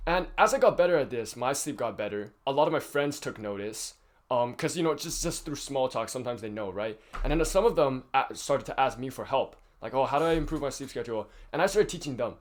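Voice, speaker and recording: A teenage boy talks to his viewers in a loose, rambling advice vlog. He leans on fillers and restarts and swears casually as he goes. His voice sits at an ordinary middle pitch for a young man. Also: animated, brisk. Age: teens. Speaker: youtuber.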